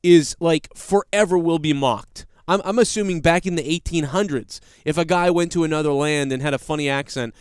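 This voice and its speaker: A man's voice: a little high, clean tone, no echo, clean studio sound. A man hosting a podcast, ranting in a casual, blunt and profane way with rambling restarts. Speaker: podcast host. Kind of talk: casual commentary rant.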